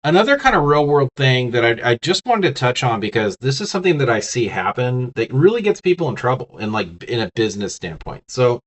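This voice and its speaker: Brisk and sing-song with few pauses, this mid-range male voice belongs to a business communication teacher who has the hiccups. His casual lecture addresses the listener directly, full of restarts and fillers.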